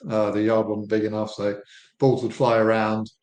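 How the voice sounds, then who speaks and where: A man's voice: on the low side, level tone, moderate pace, darkish tone. English man, 50s, easygoing founder guest, roomy echoey sound. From England. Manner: easygoing, friendly, laughs lightly. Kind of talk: casual interview chat. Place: home room in Florida.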